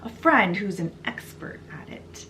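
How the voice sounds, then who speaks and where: A woman's voice: medium pitch, sing-song, a little slow, bright, forceful tone, slight background noise. A woman voicing a teasing young male barrister. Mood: playful.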